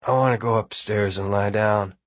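A man's voice: lowish voice, fairly even intonation, normal speed, no room sound, lightly acted. A man voicing an exhausted, frightened man. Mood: weary. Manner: weak, strained delivery.

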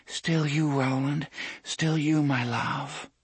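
A man voicing an entranced young woman in a high, dreamy, sing-song lilt. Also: fairly even intonation, takes it slowly, husky, dry recording, heavily acted.

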